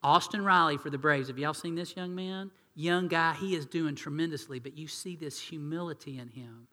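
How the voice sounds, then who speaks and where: A man preaching a sermon, animated and acting out quoted voices in hushed tones. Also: a little high, moderate pace, in a large hall. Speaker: pastor.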